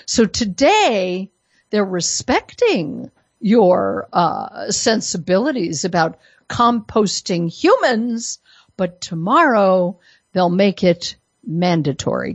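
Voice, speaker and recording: A woman hosting a radio talk show, delivering an opinionated monologue full of sarcasm and emphatic jumps in pitch, at a studio microphone. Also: no echo, dull audio.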